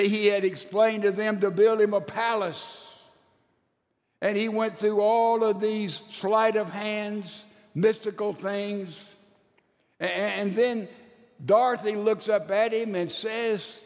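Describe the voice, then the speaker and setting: A man with a high-pitched voice preaches a sermon, retelling a story with emphatic, storytelling energy. He slows down to stretch out the words he wants to land. His voice rings with the long reverb of a large hall.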